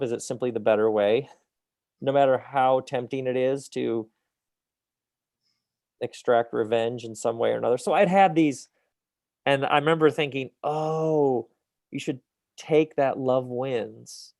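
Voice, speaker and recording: Gravelly middle-aged man in relaxed interview. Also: medium pitch, dry recording, clean studio sound. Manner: animated and reflective, often laughing at himself. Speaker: author being interviewed. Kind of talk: casual interview conversation.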